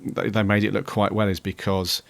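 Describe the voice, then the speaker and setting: A man's voice: lowish voice, level tone, normal speed, creaky, a bit bright, no echo. A man co-hosting a podcast, chatting casually and thinking aloud with frequent "um"s. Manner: hesitant, many "um"s while thinking aloud. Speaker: podcast co-host. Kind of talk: casual chat reviewing an episode.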